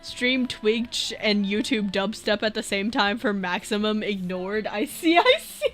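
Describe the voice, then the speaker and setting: A woman streaming as a VTuber, chatting casually and reading viewer messages, rambling and breaking into loud laughs. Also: mid-range voice, expressive, unhurried, few pauses, soft background music.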